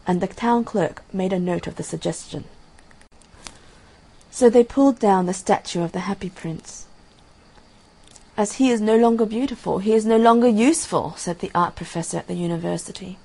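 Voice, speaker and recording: A woman reading a fairy tale aloud in a gentle, measured way, giving the characters' lines softly. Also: medium pitch, poor audio. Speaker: storyteller. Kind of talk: storybook reading.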